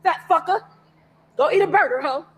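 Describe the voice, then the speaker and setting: A woman on a phone livestream from inside a fast-food restaurant, cursing and confronting someone in an angry rant. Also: extremely high pitch. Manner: profane, confrontational, repetitive shouting. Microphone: phone held for a livestream.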